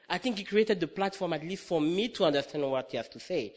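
A middle-aged man preaching a sermon, telling a personal story with lively acted-out dialogue and frequent laughter. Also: high-pitched, fast, hardly any pauses. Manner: animated storytelling, acts out dialogue, laughs often.

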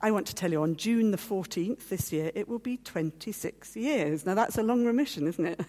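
Warm-voiced woman giving a heartfelt testimony. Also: mid-range voice, expressive, moderate pace. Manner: storytelling, acting out quoted voices; heartfelt, at times teary. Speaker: guest speaker. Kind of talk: personal testimony talk. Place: meeting hall.

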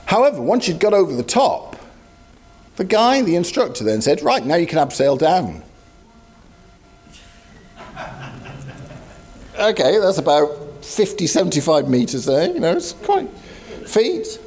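A man's voice: high voice, huge pitch swings, a little slow, long pauses, darkish tone, soft background music. A man preaching a sermon in a conversational, storytelling way with asides to the congregation.

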